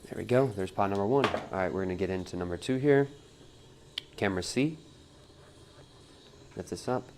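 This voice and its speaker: A man giving a relaxed live pottery demonstration at the wheel, talking through each step on a wireless mic in his studio. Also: low-pitched, normal speed, pauses often, slight background noise. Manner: relaxed, talks while working at the wheel, reads chat aloud. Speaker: pottery teacher streaming a demo. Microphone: wireless transmitter mic.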